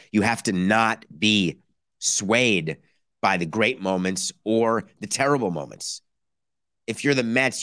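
Sarcastic low-voiced man riffing on baseball. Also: a bit bright, no echo, studio quality. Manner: sarcastic, acts out mock dialogue in bursts. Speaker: podcast host. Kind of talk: animated baseball commentary.

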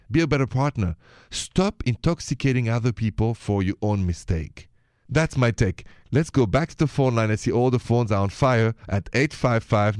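A man hosting a call-in radio talk show, giving advice in an emphatic, forceful way. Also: mid-range voice, no echo, studio quality. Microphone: studio microphone.

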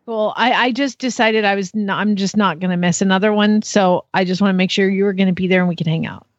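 A woman's voice: medium pitch, steady tone, fast, no room sound, dull audio. A woman co-host, chatting casually and teasing. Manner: teasing, playful. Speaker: podcast co-host. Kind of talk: casual chat.

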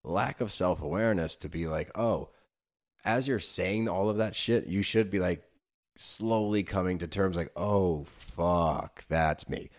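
Low-voiced exasperated man chatting. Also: normal speed. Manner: exasperated, swears freely. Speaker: podcast co-host. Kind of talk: casual chat.

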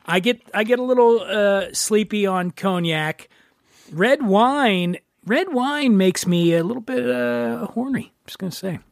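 A man with a high voice hosts a podcast in loose, joking chat and swears freely. The sound is close and dry, with no room around it. He keeps the talk rambling and playful. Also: unhurried, vocal fry, dry recording. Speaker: podcast host. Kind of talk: casual chat.

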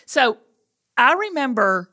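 A middle-aged woman hosting a podcast, telling stories about her marriage in a teasing, animated way. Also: high-pitched, takes it slowly. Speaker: podcast host. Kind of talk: casual chat.

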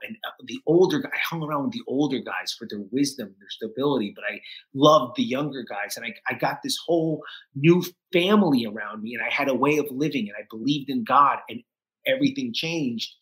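A middle-aged man guesting on a podcast, with a bright, forceful voice. He tells his story with emotional restarts and often mimics the people he quotes. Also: mid-range voice, rough recording. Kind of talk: candid interview storytelling.

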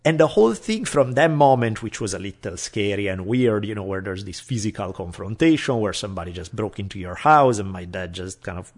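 A man's voice: on the low side, fairly quick, few pauses, husky. A man telling a personal story in casual chat, acting out the people he quotes. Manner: animated, acts out quoted voices.

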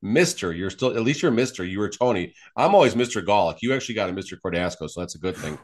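A man's voice: lowish voice, expressive, fast talker. A man co-hosting a sports podcast, rambling and teasing his co-host while searching for words. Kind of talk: casual sports podcast chat.

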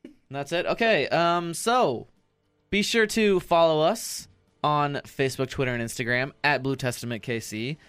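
A man hosting a casual sports podcast, talking in halting bursts with many restarts. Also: a little high, a bit bright, clear, resonant tone, soft background music. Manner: hesitant, restarts mid-sentence. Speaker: podcast host.

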